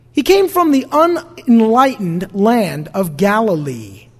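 Animated preacher with a New York accent. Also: male voice, high-pitched, long reverb tail. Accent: New York-New Jersey. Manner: conversational preaching with rhetorical questions to the congregation. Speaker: pastor. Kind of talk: sermon.

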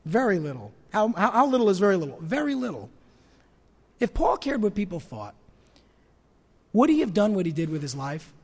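A male pastor preaching a sermon, asking his congregation rhetorical questions and swinging between loud emphasis and hushed asides. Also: high voice, sing-song, brisk, in a large hall.

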